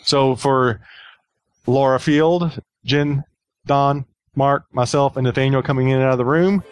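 A man's voice: medium pitch, steady tone, unhurried, clean tone, dry recording. A man co-hosting a podcast in casual, joking chat, rambling a little with fillers as he promotes a listener contest. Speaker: podcast co-host.

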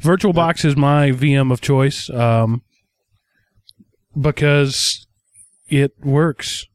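A man's voice: mid-range voice, slow, dry recording. A man hosting a casual tech podcast who jokes and asks the panel questions. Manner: relaxed, joking, asks the others questions. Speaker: podcast host.

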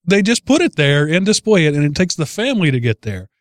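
A man's voice: a little high, very animated, fast, no room sound, clean studio sound. A man hosting a casual podcast chat, telling a news story with amused chuckles. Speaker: podcast host.

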